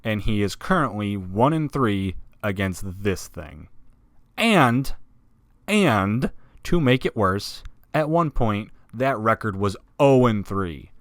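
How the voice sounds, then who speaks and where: A slightly low-voiced man narrates a wrestling countdown in a sarcastic, profane style that keeps leaping into loud emphasis. His voice is recorded close and dry, with no room sound around it. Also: big pitch swings, slow, no echo. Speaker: wrestling list video host. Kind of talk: scripted commentary narration.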